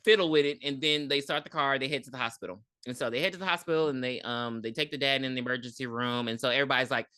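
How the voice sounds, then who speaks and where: A woman's voice: a bass voice, racing, few pauses, a bit bright, clean tone. A woman co-hosting a podcast, retelling a movie's plot in casual, profane chat. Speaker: podcast co-host.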